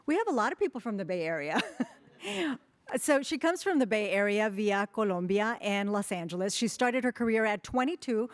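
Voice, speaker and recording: A woman's voice: medium pitch, animated, normal speed. Chatty woman presenter introducing an honoree. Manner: chatty, jokes at her own slips. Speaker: awards presenter. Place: banquet hall at an awards breakfast.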